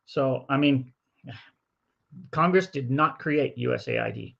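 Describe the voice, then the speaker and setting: A middle-aged man co-hosting a casual political chat, speaking haltingly and repeating words as he thinks. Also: mid-range voice, creaky, a bit bright. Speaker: podcast co-host. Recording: dull lo-fi audio.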